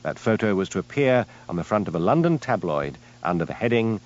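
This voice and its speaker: A man narrating an audiobook in a lively, dramatic storytelling manner, on a dull lo-fi recording. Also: lowish voice, fairly quick. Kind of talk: scripted narration.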